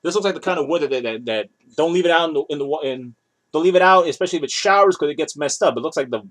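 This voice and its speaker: A man's voice: fairly high pitch, animated, racing, a bit bright. A man in his thirties rambling casually in a show-and-tell vlog, showing off his toys and often correcting himself mid-sentence. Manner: rambling, chatty, self-correcting. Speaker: toy collector vlogger.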